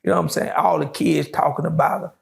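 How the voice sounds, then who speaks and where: Gravelly middle-aged man with a drawl. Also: fairly high pitch, fairly even intonation. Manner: slow, drawling storytelling with many fillers. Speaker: interview guest. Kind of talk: casual storytelling interview.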